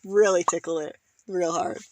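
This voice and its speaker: A woman's voice: fairly low pitch, steady tone, normal speed. A young woman co-hosting a podcast, chatting casually, joking and laughing often. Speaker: podcast co-host. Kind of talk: casual chat.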